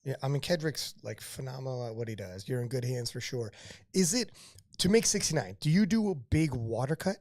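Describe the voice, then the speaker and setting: A man hosting a live podcast interview, talking in excited, rambling bursts of hype and repeating words as he builds up his point. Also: medium pitch, brisk, no room sound, clean studio sound. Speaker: podcast host.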